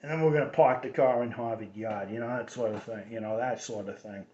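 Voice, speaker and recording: A man's voice: mid-range voice, fairly quick, a little mellow, a little hiss or hum, natural voice. Posh cambridge college guy with a boston brahmin drawl, upper-crust and lazy, a man doing the bit. a little echoey and dull. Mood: merry. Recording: roomy dull lo-fi recording.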